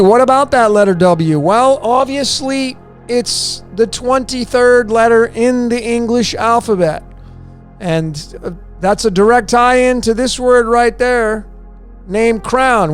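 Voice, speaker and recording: A man presenting a conspiracy-style decoding video, emphatic and repetitive, firing off rhetorical questions and answering them himself. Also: high voice.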